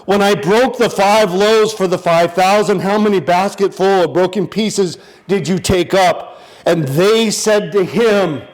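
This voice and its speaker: A male pastor preaching a lively sermon, playful and animated, acting out the disciples in funny voices. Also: high-pitched, a little slow.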